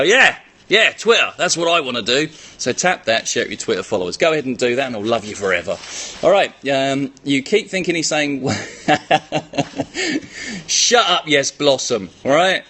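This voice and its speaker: An Australian man, a personal trainer, chatting casually on a live stream, peppering his talk with "all right?". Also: medium pitch. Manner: chatty, animated, frequent "all right?" tags.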